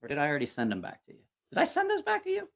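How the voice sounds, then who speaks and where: A man's voice: a little high, wildly swooping pitch, rapid-fire, creaky, a bit bright. A man hosting a knife review channel, chatting casually on a stream, rambling and frank, swearing freely, with many restarts. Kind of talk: casual live-stream chat.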